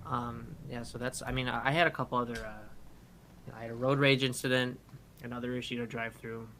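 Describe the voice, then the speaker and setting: A young man co-hosting a casual podcast, telling a story in an animated way with some swearing. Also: mid-range voice, brisk, a little hiss or hum. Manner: animated, swears, acts out quoted voices. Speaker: podcast co-host.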